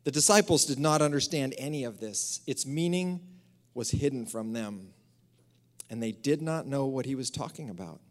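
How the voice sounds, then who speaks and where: A man, a pastor delivering a sermon in a church, who preaches with energy and drops to a hushed, breathy emphasis on key phrases. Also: mid-range voice, animated, normal speed. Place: church sanctuary.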